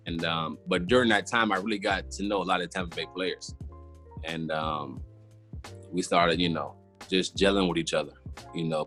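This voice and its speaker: A man's voice: low-pitched, sharp tone. A man, casually telling a long story as a podcast guest and acting out his own past reactions. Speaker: former football player, guest.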